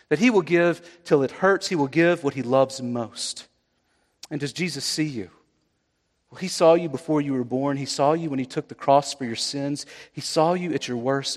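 A man's voice: a little high, long reverb tail. A man preaching a sermon as pastor, conversational and rising to emphatic peaks.

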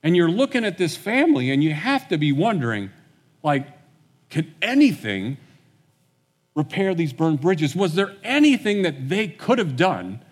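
A man preaching a sermon, retelling a story in a relaxed conversational way and acting out the characters' lines. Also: a little high, measured pace, in a large hall. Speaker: pastor.

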